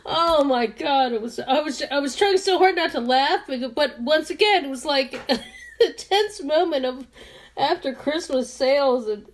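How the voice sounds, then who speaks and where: A woman's voice: sits high, lively intonation, a little slow. A woman in her fifties telling a rambling story while doing her makeup, with many restarts and frequent laughter. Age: 50s. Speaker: beauty vlogger.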